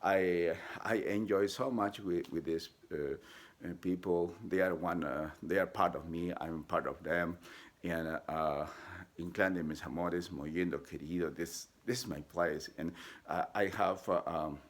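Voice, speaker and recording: A man telling a personal story, halting with many fillers and restarts, and acting out the people he quotes in sudden high voices. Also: steady tone. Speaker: vlogger telling his life story.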